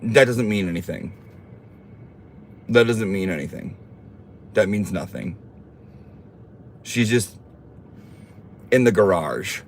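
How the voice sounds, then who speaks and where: A man's voice: fairly low pitch, animated, slow, pauses often, a little hiss or hum. A man hosting a casual livestream, reading viewer comments aloud and teasing them in a sassy, campy way.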